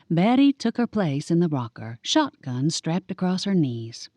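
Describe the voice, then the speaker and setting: A woman narrating a cozy audiobook in the first person, giving each character a lively voice. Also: fairly low pitch, a little slow, hardly any pauses, no echo, studio quality.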